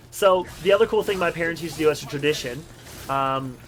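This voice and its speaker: A man's voice: on the high side, a little fast, rough recording. A young man hosting a gaming channel, telling rambling personal stories over his gameplay with frequent laughs. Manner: rambling and chatty, laughs often. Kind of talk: game commentary with personal stories.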